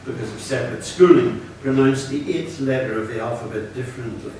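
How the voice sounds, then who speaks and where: A Northern Irish man in his sixties from Belfast, an author reading his fiction aloud in a measured, low-key way. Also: mellow, a little hiss or hum. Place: lecture hall at a reading event. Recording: echoey hall, from far off.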